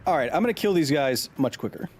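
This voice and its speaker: A man's voice: fairly high pitch, expressive, quick pace, slight background noise. A man in his thirties hosting a live gaming stream. He chats, explains science and reads out viewer messages. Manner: chatty, explains science, reads chat aloud; jumpy, yells when startled.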